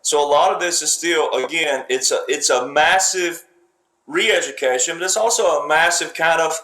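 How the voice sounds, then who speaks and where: The voice is on the high side, pushed and bright, moving at normal speed while the man offers political commentary. He hammers his points emphatically, like a lecture, repeating himself in fragments. There's a roomy echo on the recording.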